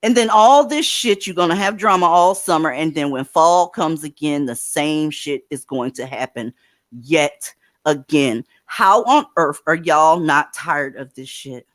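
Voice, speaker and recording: A woman's voice: low voice, animated, measured pace, no room sound, clean studio sound. A woman hosting a livestream, giving blunt, profane commentary and advice to her callers. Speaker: livestream host.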